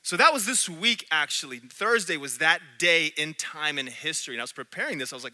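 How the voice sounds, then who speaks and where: A man preaching a sermon in a church, animated, swinging between loud and hushed. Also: fairly high pitch, a little fast, few pauses. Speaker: pastor.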